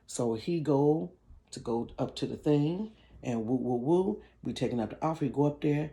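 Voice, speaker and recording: A chatty man tells a story from his bedroom in a fairly high voice. His pitch swings a lot as he talks, and he drops to a whisper for dramatic moments and fills gaps with "da, da, da.". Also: animated, normal speed, warm tone. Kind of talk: casual storytime.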